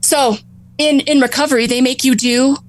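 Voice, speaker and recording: A woman in her thirties telling her own recovery story on a talk show, animated, laughing often and acting out her past thoughts. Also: sits high, moderate pace, low-quality recording. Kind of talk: emotional personal storytelling.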